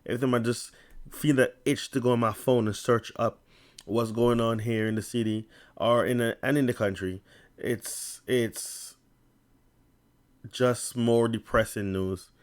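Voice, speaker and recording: A man vlogging casually to camera with a stutter and a lisp. He reads an article aloud in a halting way, with many restarts and tongue-tied slips. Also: mid-range voice, steady tone.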